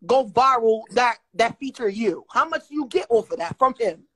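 A woman's voice: on the high side, expressive, moderate pace, fairly bright tone, poor audio. A woman with a Brooklyn New York accent, bluntly and profanely lecturing someone during a heated livestream rant.

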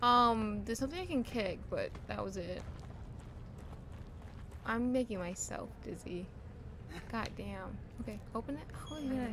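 A woman streamer casually talking through a horror game, often swearing and shouting in panic when chased. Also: on the high side, lively intonation, normal speed, long pauses, slight background noise. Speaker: gaming streamer.

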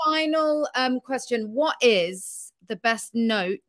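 A woman's voice: on the high side, animated, takes it slowly, no echo, studio quality. A woman hosting an interview, asking brief friendly prompting questions. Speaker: interview host. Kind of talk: casual interview chat.

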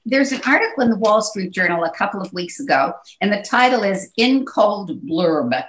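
Lively woman caller with an echoey sound. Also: mid-range voice, moderate pace, a little hiss or hum. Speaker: audience member asking a question. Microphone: video call. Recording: roomy echo.

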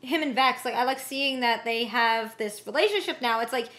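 High, bright-voiced young woman chatting. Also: normal speed. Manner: animated, rambling, acts out quotes in character voices. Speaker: co-host of a reaction show. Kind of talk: casual reaction chat.

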